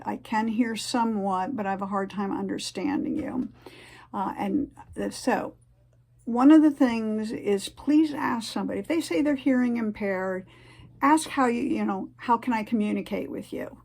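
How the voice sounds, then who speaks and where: Gravelly woman, halting vlog talk. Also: medium pitch, a little mellow. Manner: halting, many fillers and restarts. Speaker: vlogger giving advice. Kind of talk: casual explanatory vlog.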